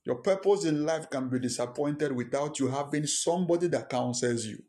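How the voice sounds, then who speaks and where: A man's voice: on the high side, moderate pace, few pauses, dark tone. A man preaching a sermon as pastor, emphatic, repeating key lines and firing rhetorical questions at the congregation. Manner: fires rhetorical questions at listeners.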